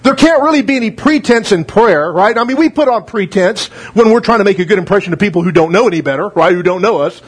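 A middle-aged man preaching a relaxed, conversational sermon as a pastor, folksy and joking, often checking in with "right?". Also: high-pitched, fast, few pauses, husky.

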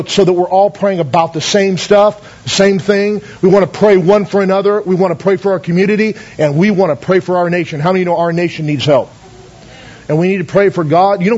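A man's voice: high voice, darkish tone, muffled recording. A man pastor telling stories in a sermon, folksy, with many fillers and calls of amen. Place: church.

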